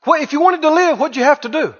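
High-voiced male preacher in echoing hall. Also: expressive, a bit bright. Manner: dramatic, stretches key words slowly, quizzes the congregation. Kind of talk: sermon. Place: auditorium with a live congregation. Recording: dull lo-fi sound with long hall reverb.

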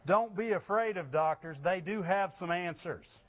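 A man preaching a sermon, rising to loud emphasis with laughing asides. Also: sits high, moderate pace, lo-fi sound. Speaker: pastor.

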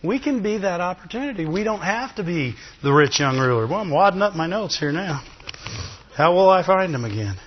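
A man preaching a sermon in a lively, chatty way, with asides to the congregation. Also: high voice, a little fast, slight background noise. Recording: dull, long reverb of a hall.

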